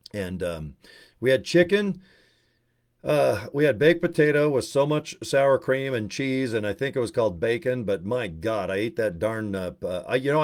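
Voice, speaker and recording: A man rambling and joking on a livestream, swearing freely and telling animated stories. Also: lowish voice. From Utah. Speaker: network marketing presenter.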